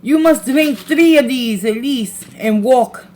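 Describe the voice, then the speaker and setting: A woman's voice: high voice, takes it slowly, darkish tone. A woman imitating a strict woman nurse with a Japanese accent, giving firm orders. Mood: insistent. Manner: firm and insistent.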